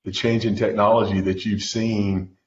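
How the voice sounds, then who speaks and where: A man's voice: fairly low pitch, level tone, moderate pace, a little hiss or hum. A man hosting a casual interview, asking long rambling questions full of fillers from a home setup. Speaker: show host. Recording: roomy dull lo-fi audio.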